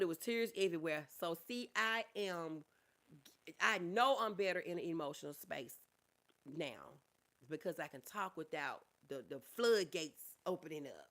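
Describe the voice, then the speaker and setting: Middle-aged woman streamer, chatty and affectionate with viewers, open and gentle about loss. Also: fairly low pitch. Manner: reads viewer comments aloud and answers them warmly; calls listeners honey and y'all. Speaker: livestreamer. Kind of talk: casual livestream chat.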